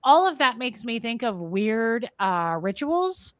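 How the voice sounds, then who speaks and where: A woman co-hosting a podcast, telling a long personal story in a casual, animated way, acting out the other people in it and filling her talk with "like" and "um". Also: a little high, unhurried, dry recording, clean studio sound. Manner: animated storyteller, acts out quoted voices, many fillers. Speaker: podcast co-host.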